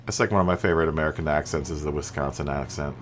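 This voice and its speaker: A man's voice: very deep voice, very fast, soft background music. A man live-streaming a racing game, chatting loosely with his viewers in a rambling way and laughing at his own jokes. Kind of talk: casual chat with live chat viewers. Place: home streaming setup. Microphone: studio mic through a mixer.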